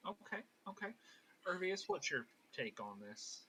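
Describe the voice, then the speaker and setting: A man running a tabletop role-play session on a streaming mic. He talks in a playful, bantering way with a bright, forward voice. A faint hiss of ambience sits behind him. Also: sits high, very animated, measured pace, poor audio. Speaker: game master.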